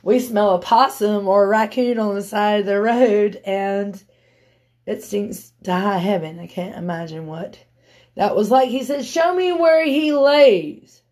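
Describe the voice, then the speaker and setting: A woman preaching a sermon, telling a Bible story and building to loud, emphatic peaks. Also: mid-range voice, measured pace.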